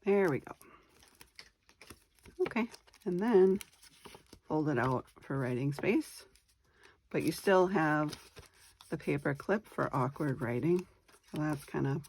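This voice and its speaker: Low, slow-talking woman crafting aloud. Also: a little mellow, a little hiss or hum. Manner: chatty, thinking aloud while working, self-deprecating. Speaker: craft tutorial host. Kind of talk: casual step-by-step craft demonstration.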